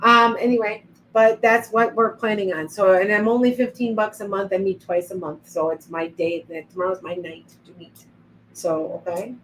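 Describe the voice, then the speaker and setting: A middle-aged woman hosts a psychic livestream, chatting casually and rambling between tangents while reading viewer comments aloud and replying. Her voice is at an ordinary female pitch, a bit bright, with fairly even intonation and a moderate pace. The webcam audio is poor, with a faint hiss underneath.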